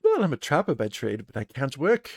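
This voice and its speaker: A man voicing a gruff human woman trapper who talks in old-fashioned phrases with an accent that is hard to place, as part of a solo tabletop game. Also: mid-range voice, wildly swooping pitch, a little fast, a little mellow, no room sound, heavily acted.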